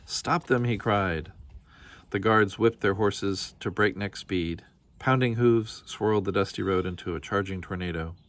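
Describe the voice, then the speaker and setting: A man reading a children's storybook aloud with steady, expressive storytelling. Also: low-pitched, a little slow. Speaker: storybook reader.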